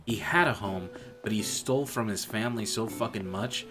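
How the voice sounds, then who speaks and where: A man's voice: lowish voice, moderate pace. A young man in a casual, profane rant, venting bitterly about an old job. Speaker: streamer. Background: music.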